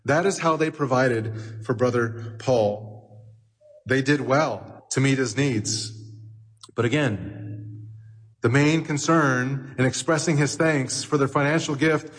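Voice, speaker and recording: A pastor preaching a sermon in a church, emphatic and repeating phrases for effect. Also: male voice, mid-range voice, slow pace, long pauses, husky. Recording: long hall reverb.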